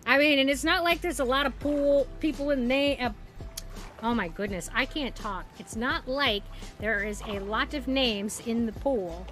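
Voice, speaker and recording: A woman streaming a game, chatting casually with her viewers in a bubbly, excitable way. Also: a little high, moderate pace, faint music behind. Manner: bubbly, excitable, cheering and laughing. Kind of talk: casual live-stream chat.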